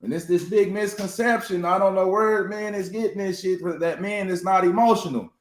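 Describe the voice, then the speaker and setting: A man's voice: sits high, fairly even intonation, a little fast. A man in casual conversation, talking emphatically and often asking "you hear me?". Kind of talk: casual chat. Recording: echoey room.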